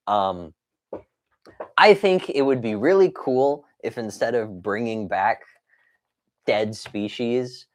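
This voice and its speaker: A young man chatting casually on a live stream, rambling with lots of fillers and laughing as he reads viewer comments. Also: lowish voice. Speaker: toy collector streamer.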